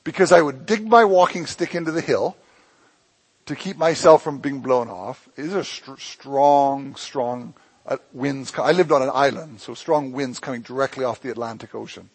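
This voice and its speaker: A man preaching a sermon as pastor of his church, impassioned, swinging between loud emphatic lines and hushed ones. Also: mid-range voice, normal speed, husky, low-quality recording.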